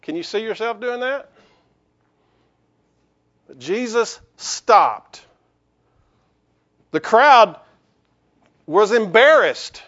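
A man's voice: sits high, expressive, drawn-out words, long pauses, fairly bright tone, highs cut off. A man pastor preaching a sermon in a conversational way, with restarts and rhetorical questions to the congregation.

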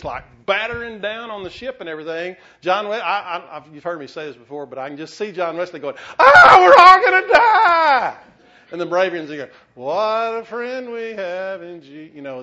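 A man's voice: on the high side, fairly bright tone. A man preaching a sermon as pastor, conversational, with restarts and teasing asides. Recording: dull lo-fi recording.

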